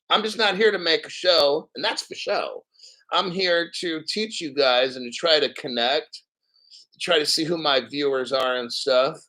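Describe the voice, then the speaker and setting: Profane ranting crypto host, bright voice. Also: male voice, a little high, poor audio. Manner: blunt, profane and ranting, reading viewer comments aloud; mocks others in exaggerated put-on voices. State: a little out of breath. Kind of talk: casual livestream rant.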